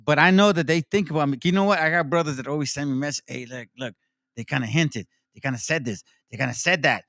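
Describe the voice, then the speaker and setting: A man's voice: on the high side, quick pace, fairly bright tone, no room sound, studio quality. A man hosting a casual discussion who tells stories with animation, acts out quotes and curses freely.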